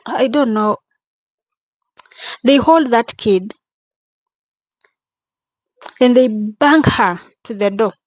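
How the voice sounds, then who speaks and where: Slow, tearful young woman vlogger. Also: fairly high pitch, darkish tone, no room sound. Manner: halting, repeating phrases, audibly shaken. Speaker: travel vlogger. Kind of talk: emotional vlog narration.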